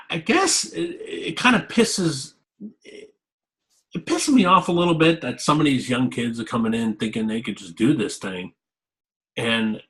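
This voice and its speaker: A man's voice: mid-range voice, a bit bright, rough recording. Rambling candid man being interviewed. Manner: rambling, candid, repeats himself. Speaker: interviewee, fitness coach. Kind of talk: casual interview talk.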